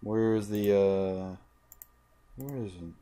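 Young dude with a lowish voice cursing nonstop at his game, keyboard clicking at the desk mic. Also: extremely slow, warm tone. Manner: frustrated, swears constantly, mutters to himself. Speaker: gaming channel host. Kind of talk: let's play commentary.

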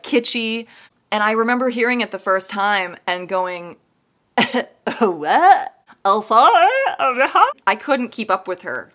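A woman's voice: medium pitch, a bit bright. A woman chatting casually to the camera as a musician host, talkative and self-deprecating with frequent laughs. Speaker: ukulele cover musician and channel host.

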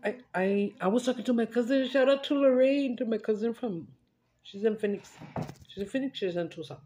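Eating in front of the camera, a woman chats and wanders from story to story, dropping Spanish words and often laughing. Her voice is on the high side and dark in tone, a little fast, with some hiss or hum in the audio.

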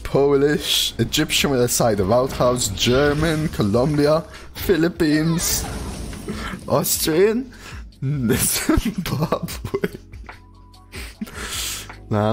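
A man's voice: medium pitch, lively intonation, slow, faint music behind. A man streaming a card game, chatting casually and reading viewer messages aloud between plays. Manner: casual, chatty, reads chat aloud and answers it.

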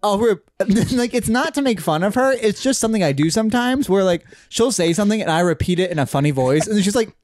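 A man's voice: high-pitched, animated, fast talker, hardly any pauses, darkish tone, no room sound. A young man co-hosting a comedy podcast in casual chat, rambling and laughing through his stories. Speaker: podcast co-host.

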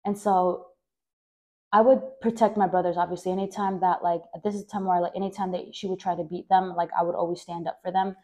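A podcast host from Mexico tells her own life story in a flat, brisk voice, rambling, correcting herself mid-sentence and leaning on "like" as filler. When she quotes people, she acts out their voices louder and higher.

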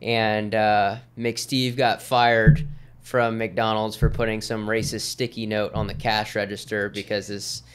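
A man's voice: on the low side, flat delivery, a little slow, clear, resonant tone. A man in his thirties, a podcast guest, telling stories in an easygoing, rambling way with lots of fillers. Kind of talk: casual storytelling in conversation.

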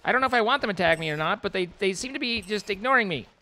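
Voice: medium pitch, expressive, racing, sharp tone. A young adult streamer giving playful, rambling live commentary over a game, breaking into squeals of mock panic.

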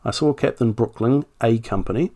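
A man reading out a wartime army captain's statement in a put-on voice, formal, measured and official. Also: mid-range voice, mellow, close to an everyday voice. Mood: formal, reporting. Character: British army captain, adult man, formal and matter-of-fact.

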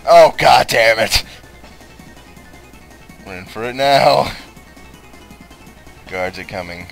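A young man commentating on his own gameplay, cursing and shouting at the game. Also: lowish voice, poor audio. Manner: profane, excitable, shouts and curses at the game. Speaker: let's play host.

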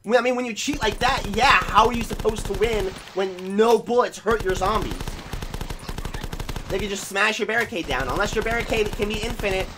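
A fairly high-pitched man talks through a game he is playing and vents loudly, cursing at it. Gunfire and game noise keep going beneath his voice throughout. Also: a little fast. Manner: frustrated, swearing, ranting at the game. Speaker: gaming channel host. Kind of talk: let's play commentary.

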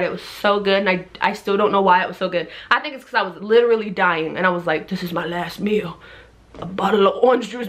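A young woman vlogger with a medium-pitched voice tells a story in a casual, animated way. She acts out everyone in it, her voice jumping widely between them.

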